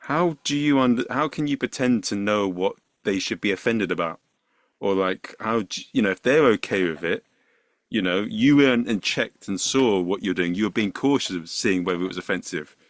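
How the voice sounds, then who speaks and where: A man hosting an interview podcast, thinking aloud in halting, searching phrases. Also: fairly low pitch, no echo. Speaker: podcast host. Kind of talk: interview chat.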